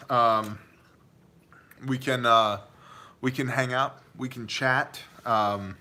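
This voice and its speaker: A man's voice: medium pitch, bright, forceful tone. A man hosting a live viewer Q&A, joking and chummy, calling chatters "man" and "brother". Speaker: livestream host answering viewer questions. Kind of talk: casual live Q&A chat.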